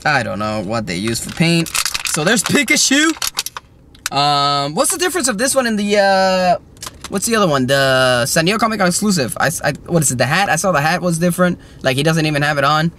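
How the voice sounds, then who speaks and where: A man chatting casually while unboxing toys, excitable and rambling, joking with his viewers. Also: on the high side, fast, slight background noise. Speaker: toy collector vlogger.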